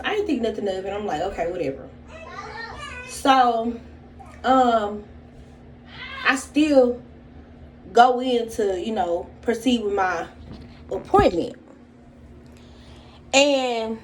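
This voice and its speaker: A woman telling a story straight to her viewers in a casual, profane, animated way. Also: mid-range voice, a little hiss or hum. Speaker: vlogger.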